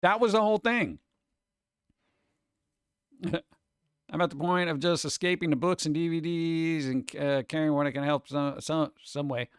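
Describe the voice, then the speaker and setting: A man's voice: on the high side, normal speed, pauses often, clean tone, dry recording, clean studio sound. A man streaming live, chatting casually and reading chat messages, rambling and joking with a sarcastic edge.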